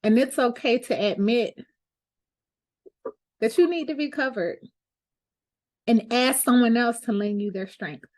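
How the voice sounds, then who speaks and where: Candid woman with a higher voice. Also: unhurried, long pauses, a little mellow. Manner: candid, heartfelt, conversational with fillers. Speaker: lawyer and show host. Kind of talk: personal reflective monologue.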